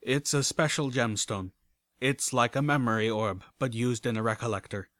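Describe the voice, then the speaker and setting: Guarded flying robot, measured and mechanical, dry read, by a man. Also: medium pitch, steady tone, a bit bright, no echo, close to an everyday voice. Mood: cagey. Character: secretive robot messenger, cagey and guarded.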